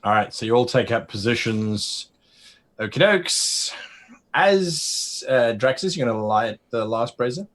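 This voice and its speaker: A man running a tabletop game as game master, describing scenes with pauses and fillers. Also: medium pitch, lively intonation, a bit bright.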